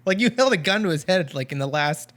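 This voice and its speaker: A man co-hosting a casual TV recap chat, talking in a relaxed, halting way. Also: fairly high pitch. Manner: laid-back, halting, many fillers and restarts. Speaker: podcast co-host.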